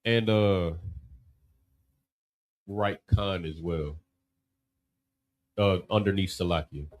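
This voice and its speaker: A man's voice: sits low, slow pace, rough recording. A man teaching a class in a loose, conversational way, often asking "you know what I mean?".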